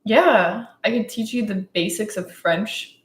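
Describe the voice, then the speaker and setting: A woman's voice: mid-range voice, unhurried. A young woman co-hosting a podcast, teasing and giggling in casual chat. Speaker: podcast co-host. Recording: echoey room.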